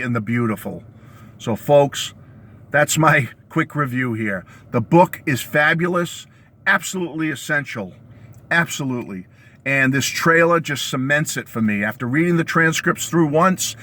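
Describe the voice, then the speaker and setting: A man hosting his own video channel, with a hoarse, worn-out voice, ranting excitedly about a new release and calling his viewers "folks" again and again. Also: mid-range voice. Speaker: YouTube host reviewing music releases. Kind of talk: enthusiastic vlog rant. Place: home basement studio.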